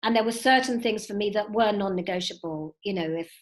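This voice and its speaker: A woman in her fifties, a guest telling lively stories with many "you know"s over a video call from home. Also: mid-range voice, fairly quick. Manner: animated storytelling with frequent "you know". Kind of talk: recorded video call interview. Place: at home indoors.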